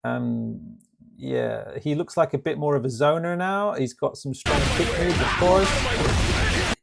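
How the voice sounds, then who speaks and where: Gravelly man ranting casually. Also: on the high side, lively intonation, slow pace, over loud music. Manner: rambling, ranty, lots of restarts and fillers. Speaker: stream host reacting to a game trailer. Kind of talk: casual live reaction commentary.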